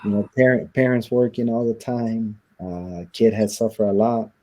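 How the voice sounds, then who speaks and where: A man's voice: lowish voice, fairly even intonation, moderate pace, darkish tone. A man being interviewed, telling a personal story and acting out the lines of the people in it. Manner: recounts events by acting out quoted dialogue. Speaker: interview guest.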